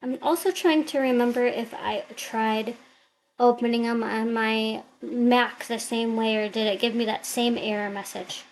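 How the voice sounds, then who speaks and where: A woman's voice: a little high, fairly even intonation, measured pace, a little hiss or hum, rough recording. A woman vlogger chatting casually to camera, thinking aloud in an upbeat, rambling way, recorded on a computer webcam mic.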